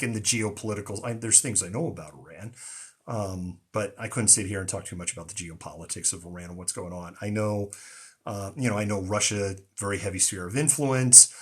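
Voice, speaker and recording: The voice is lowish, husky, and a bit bright: a man hosting a live stream as a news show host. He speaks casually with frequent ums and restarts, his mostly neutral American accent showing a hint of Boston.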